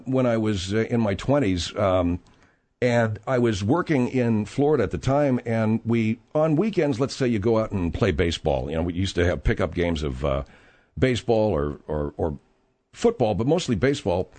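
A man hosting a comic talk radio show from a studio microphone, slightly hoarse from a sore throat, blustery and mock-indignant as he rambles. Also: fairly low pitch, very animated, moderate pace, darkish tone.

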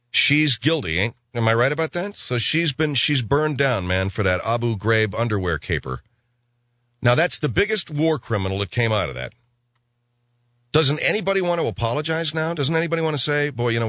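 A man hosting a talk radio show, rambling and sarcastic in a gruff, offhand way, on a studio microphone. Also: mid-range voice, a bit bright, no echo.

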